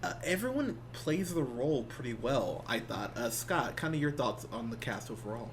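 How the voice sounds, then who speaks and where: A man's voice: medium pitch, big pitch swings, moderate pace, slight background noise. Joking man in a casual movie chat. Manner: loose and joking, with frequent restarts. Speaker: podcast co-host.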